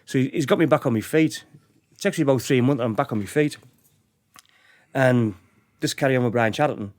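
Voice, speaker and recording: This middle-aged podcast guest talks a little fast at a medium pitch, spinning true-crime tales in a loose, rambling style. He repeats himself and performs the lines of quoted speech.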